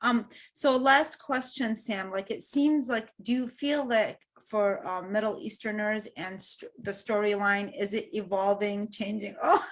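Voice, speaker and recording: A woman hosting an interview, asking long, winding questions and thanking her guest warmly. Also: mid-range voice, fairly even intonation, measured pace, few pauses. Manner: warm, appreciative, rambling questions. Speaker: interview host, filmmaker. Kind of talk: interview conversation.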